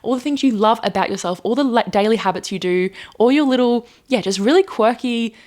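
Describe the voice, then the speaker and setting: Fast-talking young woman chatting. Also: a little high. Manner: rambling and animated, lots of filler words and self-corrections. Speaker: podcast-style video host. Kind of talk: casual chatty monologue. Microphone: handheld microphone.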